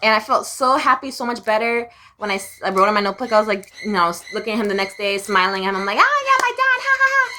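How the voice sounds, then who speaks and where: A woman's voice: medium pitch, steady tone, quick pace, few pauses, sharp tone. A young woman telling her life story to the camera in a blunt, profane way, now and then squealing her inner voice. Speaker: vlogger.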